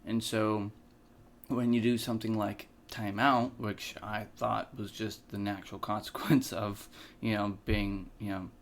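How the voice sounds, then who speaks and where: A man co-hosting a podcast, talking casually with many pauses and restarts. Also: lowish voice, level tone, a little hiss or hum. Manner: hesitant, many fillers and restarts. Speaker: podcast co-host. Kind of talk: casual conversation.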